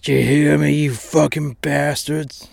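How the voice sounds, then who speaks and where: This is a furious father in a wheelchair, hurling threats and curses. A man voices him with a gravelly voice. The recording is dry and close-miked. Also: medium pitch, level tone, a little slow, dry recording. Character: angry vengeful father in a wheelchair.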